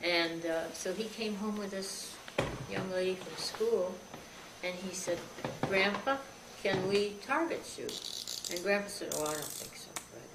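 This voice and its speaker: A woman's voice: fairly low pitch, steady tone, normal speed. An older woman being interviewed, telling a childhood story and acting out the voices of the people in it. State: frog in her throat, coughing. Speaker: interview guest. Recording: roomy, distant, noisy 2001 tape.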